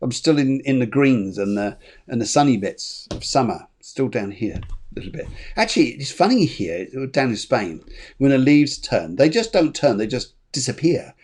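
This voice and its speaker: A man's voice: mid-range voice, sing-song, normal speed, darkish tone, breathy edge. A man working as a medium, chatting and relaying messages on a live reading show, often repeating his phrases. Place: lives in Spain.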